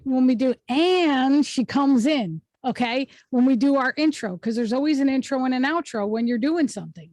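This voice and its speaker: High-voiced woman coaching over video. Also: darkish tone, no room sound. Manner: emphatic, instructive, checks in with "okay?". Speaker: host and speaking coach. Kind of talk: online workshop teaching. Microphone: video call.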